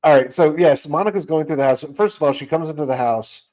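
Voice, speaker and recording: A man's voice: on the high side, fast talker, a little mellow. A man co-hosting a podcast, casually and animatedly retelling a comic's plot and acting out the characters' lines. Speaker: podcast co-host. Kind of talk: casual comic book discussion.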